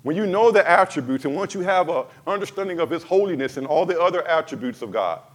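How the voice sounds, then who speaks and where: Guy preaching a sermon, pretty high voice, gets loud then drops real soft for emphasis. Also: fast. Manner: preaching with rising fervor, dropping to soft emphatic lines; addresses the congregation directly. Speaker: pastor.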